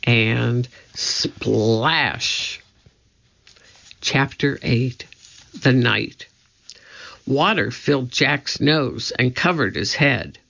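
A man narrating a children's storybook in a measured, suspenseful way. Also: medium pitch, creaky, bright, forceful tone. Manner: slow, measured, suspenseful reading. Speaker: audiobook narrator. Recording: dull lo-fi recording.

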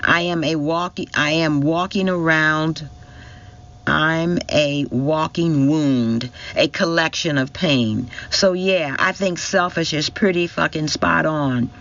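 Slow, intense male story reader. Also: a little high, a bit bright, muffled recording. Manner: emotional, intense reading. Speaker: audiobook narrator. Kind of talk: first-person story narration.

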